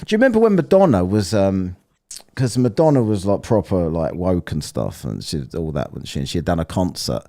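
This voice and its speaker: A man's voice: sits low, brisk. A man with an English accent hosting a casual panel chat, swearing freely, teasing his guests and telling stories. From England. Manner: swearing, teasing, lively storytelling.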